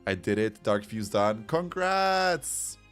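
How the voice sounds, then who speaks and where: A man's voice: low voice, moderate pace. A man streaming a game, chatting casually and rambling as he reads chat comments aloud. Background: soft background music.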